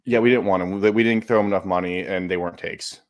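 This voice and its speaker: A man's voice: deep voice, quick pace. A man co-hosting a sports podcast, talking casually and running through rankings matter-of-factly. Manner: steady, lists stats and rankings matter-of-factly. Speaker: podcast co-host.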